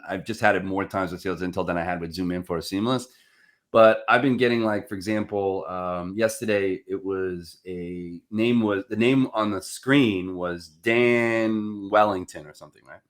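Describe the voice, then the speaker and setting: New guy on a podcast, acts out both sides of the call, lots of ups and downs. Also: fairly low pitch. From Staten Island, New York. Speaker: podcast guest, sales rep. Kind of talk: casual chat, storytelling.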